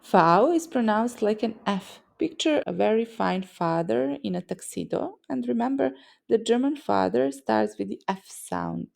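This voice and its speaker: A woman's voice: a little high, lively intonation, normal speed, gravelly, darkish tone. A woman from a Serbian-speaking region teaching pronunciation in a scripted lesson, explaining sounds with vivid mental images. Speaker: language teacher.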